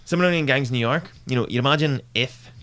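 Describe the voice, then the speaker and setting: A man's voice: mid-range voice, racing, a bit bright, no echo. A man, co-hosting a podcast in casual chat, with dry, jokey, rambling asides. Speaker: podcast co-host.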